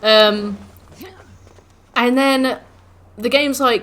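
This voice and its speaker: Bright-voiced woman ranting. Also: on the high side, slow. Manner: animated ranting, swears, mimics the game's taunts. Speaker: streamer. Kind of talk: casual livestream chat while gaming.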